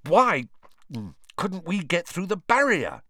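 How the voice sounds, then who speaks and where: A man reading as a gangly teenage schoolboy, blunt and impatient, in a lively, bouncing voice. It is a dry, close storybook reading. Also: high voice, slow, no echo, pitched above the performer's own voice, heavily acted. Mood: casual.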